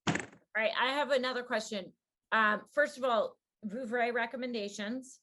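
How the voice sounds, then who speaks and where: A woman hosting a wine podcast, asking questions and chatting in a frank, quick, casual way. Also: fairly high pitch, fairly even intonation, pushed and bright. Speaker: podcast host. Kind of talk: casual interview chat.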